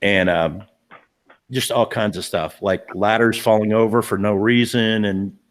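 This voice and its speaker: A man's voice: lowish voice, fairly even intonation, unhurried. A man, a paranormal investigator, telling a story in a casual live-stream chat, earnest and emphatic, often repeating himself and restarting sentences.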